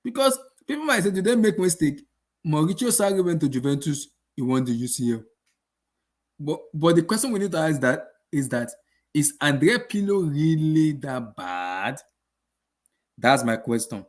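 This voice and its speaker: A man's voice: fairly high pitch, sing-song, normal speed. A young man hosting a casual football channel, ranting after a match with exasperated rhetorical questions and lots of repetition. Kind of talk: casual post-match rant.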